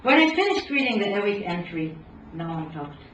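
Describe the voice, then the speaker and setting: A woman professor reading aloud from her book at a lecture, measured, dropping low at phrase ends. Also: very animated, a bit bright, a little hiss or hum. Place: lecture hall. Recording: roomy hall, distant dull mic.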